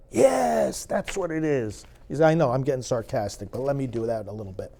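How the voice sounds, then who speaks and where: A man's voice: medium pitch, lively intonation, a little fast, vocal fry, hardly any pauses, dark tone. A middle-aged man, a priest hosting his own show, talking straight to the viewer in a sarcastic, preachy way that builds to fervent emphasis. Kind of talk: direct-to-camera commentary.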